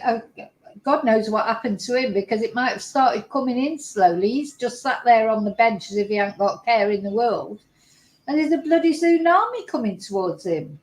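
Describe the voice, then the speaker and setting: A woman's voice: fairly high pitch, reverberant, a little hiss or hum, poor audio. Emotional woman reacting live. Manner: emotional, exclaiming, tearful at moments. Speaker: YouTuber reacting to videos. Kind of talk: live casual commentary to viewers.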